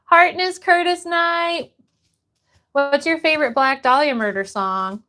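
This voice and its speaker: During a relaxed livestream chat, a high-voiced Florida woman reads viewer comments aloud at an easy pace. Between painting steps she answers them, keeping the conversation casual as host.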